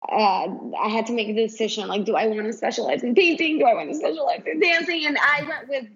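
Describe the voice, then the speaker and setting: On a casual podcast, an animated woman with a higher voice appears as a guest, an artist and mother. She tells stories in quick, lively bursts, captured on a dull, lo-fi recording.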